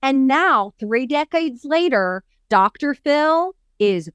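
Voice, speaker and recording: Animated high-voiced woman telling a story. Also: takes it slowly, dry recording. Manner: animated storyteller who acts out quotes. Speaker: podcast co-host and business coach. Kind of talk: casual podcast chat.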